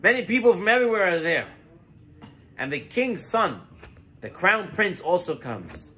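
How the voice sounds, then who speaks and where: A man's voice: sits high, very animated, normal speed, pushed and bright, a little hiss or hum. A man giving a Torah lesson as a rabbi, telling stories and mixing Hebrew terms into his English.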